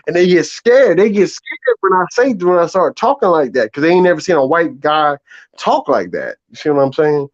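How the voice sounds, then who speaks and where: A man's voice: on the high side, expressive, moderate pace, muffled recording. A man with a Southern American accent, talking boastfully and profanely on a live stream panel, laughing often. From Southern United States. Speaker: panel caller. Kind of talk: casual live stream chat.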